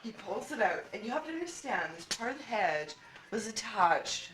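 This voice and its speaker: A woman's voice: medium pitch, sing-song, moderate pace, noisy background. A woman telling a work story at a house party, swearing and laughing as she goes. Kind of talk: casual storytelling. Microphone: home video camera. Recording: roomy home video with party chatter.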